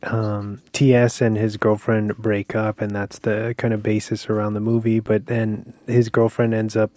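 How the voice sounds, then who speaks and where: A man's voice: lowish voice, monotone, normal speed, darkish tone, dry recording. A man co-hosting a podcast, rambling through a casual film review and searching for words as he goes. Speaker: podcast co-host.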